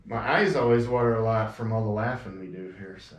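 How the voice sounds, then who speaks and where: A man's voice: lowish voice, fairly quick, recorded from a distance. A man co-hosting a radio show in casual banter, laid-back and teasing, often chuckling. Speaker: radio co-host. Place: radio studio. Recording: roomy studio, voice off-mic.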